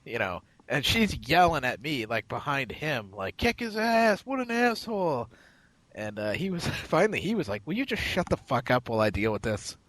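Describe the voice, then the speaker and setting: A man's voice: mid-range voice, big pitch swings, brisk, few pauses, a bit bright, dry recording, rough recording. A man co-hosting a casual podcast, spinning a long profane anecdote with a voice that swoops up and down. The sound is close and dry, with no room around it. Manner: rambling, profane anecdote-telling with quoted voices. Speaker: podcast co-host. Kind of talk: casual storytelling chat.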